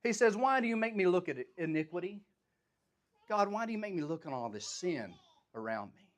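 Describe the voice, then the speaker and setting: A man's voice: high voice, a little fast. A man teaching a Bible study, reading scripture aloud and then paraphrasing it in plain, everyday speech. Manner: animated, voices the prophet's complaints with rising intensity.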